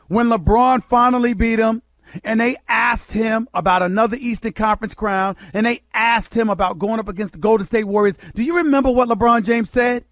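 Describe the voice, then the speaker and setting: Emphatic high-voiced man on sports radio. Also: a bit bright, no room sound. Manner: emphatic, rhetorical, addresses listeners directly. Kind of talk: sports talk monologue. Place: radio studio.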